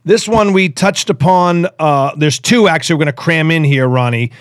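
Animated storytelling man, a little high. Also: normal speed, no room sound, studio quality. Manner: animated, acts out quotes, repeats words. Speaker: podcast host. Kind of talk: casual storytelling chat.

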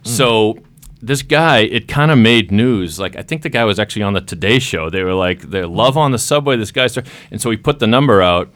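Low-voiced man telling a story. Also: brisk. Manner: animated storyteller, plays out scenes. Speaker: podcast host. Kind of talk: casual storytelling.

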